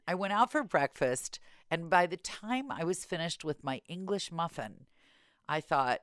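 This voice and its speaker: A woman's voice: lowish voice, animated, unhurried, no echo, clean studio sound. A woman hosting a podcast in casual chat, telling wry, self-deprecating dating stories. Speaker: podcast host.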